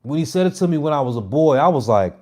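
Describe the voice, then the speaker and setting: A man in his thirties delivering a brash, mocking monologue to his viewers, with loud jabs and muttered asides. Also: fairly high pitch, lively intonation, fast talker. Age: 30s. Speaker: comedy content creator. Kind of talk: casual provocative monologue.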